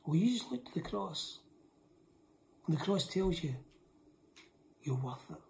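Low-voiced woman preaching an emphatic sermon. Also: animated, measured pace, gravelly. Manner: emphatic, repeats lines for weight, often drops to a hushed whisper.

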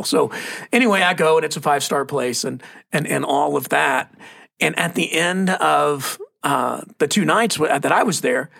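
A man's voice: fairly high pitch, normal speed, vocal fry, a bit bright, no room sound, clean studio sound. A middle-aged man with a Texan accent, a pastor telling stories in a casual podcast chat and acting out the other people's lines. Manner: storytelling, acts out quoted voices.

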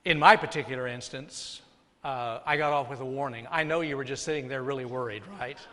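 A man preaching a sermon as pastor, dropping soft and then rising loud. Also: medium pitch, fairly even intonation, a little fast. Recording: long hall reverb.

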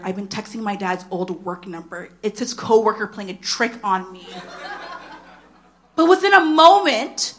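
Brief: woman preacher in her thirties, fairly high voice, lively storyteller who acts out each line. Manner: animated storyteller, acts out dialogue with big pitch jumps. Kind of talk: sermon with personal storytelling.

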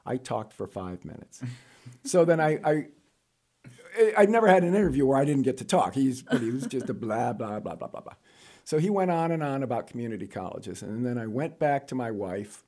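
A middle-aged man from New York telling stories of his career as an interview guest, jokey and animated, jumping up in pitch for punchlines. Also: fairly quick. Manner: animated, jokey storyteller with sudden high-pitched asides. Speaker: guest, college administrator. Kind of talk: casual storytelling interview.

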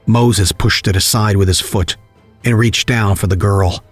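A man narrating a scripted horror audio story in a measured, grim storytelling manner. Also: fairly low pitch, steady tone, faint music behind.

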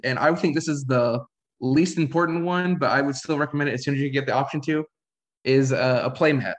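A man co-hosting a podcast, giving plain, practical tips in a casual chat. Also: mid-range voice. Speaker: podcast co-host.

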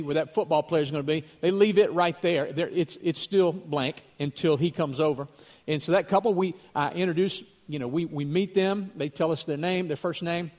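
A man's voice: high voice, a little mellow. A man, the pastor, giving a conversational sermon, telling stories with chuckles and repeating words as he goes.

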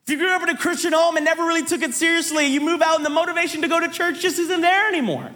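A man preaching a sermon, telling a funny hiking story in an animated way. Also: very high-pitched, racing, in a large hall. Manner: animated storytelling, voices quoted people.

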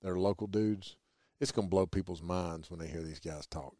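A very low-pitched man with a drawl hosts a laid-back podcast chat. He rambles enthusiastically and jokes as he goes. The recording is close and dry. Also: normal speed, warm tone, no echo. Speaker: podcast host. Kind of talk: casual chat.

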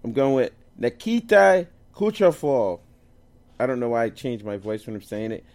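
A man's voice: medium pitch, steady tone, quick pace, mellow. Laid-back guy, mid voice, rambling thru his hockey picks and laughing at himself. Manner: loose, jokey, stumbles over names. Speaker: co-host picking fantasy lineups. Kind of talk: casual podcast chat.

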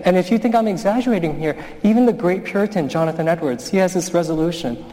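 A man's voice: high-pitched, brisk, warm tone. A male pastor preaching a sermon in a conversational, storytelling manner. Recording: long hall reverb.

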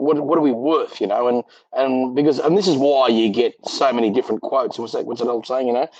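Fast-talking husky man. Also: medium pitch, a little mellow, dry recording. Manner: quick, chatty, loose questions. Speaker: podcast guest. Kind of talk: casual podcast chat. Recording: dull dry remote line.

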